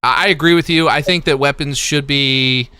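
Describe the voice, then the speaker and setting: A man's voice: a little high, steady tone, moderate pace, pushed and bright, clean tone, no room sound. A man hosting a livestream, chatting casually with callers in an easygoing way full of fillers. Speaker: livestream host.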